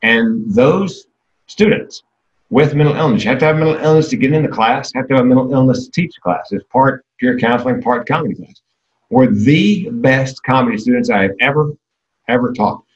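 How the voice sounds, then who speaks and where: A man's voice: mid-range voice, fairly quick, lo-fi sound. A man in his sixties giving a comedic keynote talk, candid and darkly self-deprecating.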